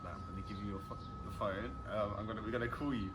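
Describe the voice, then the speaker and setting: Fast-talking young man telling a story. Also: on the low side, heavy background noise. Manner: animated storytelling with slang and swearing. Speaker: guest musician. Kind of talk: casual podcast storytelling.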